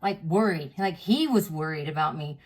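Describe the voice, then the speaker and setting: A woman's voice: deep voice, animated, moderate pace. A woman in her thirties, a vlogger, telling a personal story in a candid, chatty way full of fillers and reenacted dialogue.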